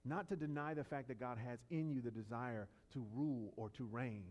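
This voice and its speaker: A man preaching a sermon, swinging between loud emphatic peaks and quiet low lines, with conversational asides and stories. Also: fairly even intonation, fairly quick, big-room sound, muffled recording. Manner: conversational asides and storytelling with fillers and restarts. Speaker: pastor.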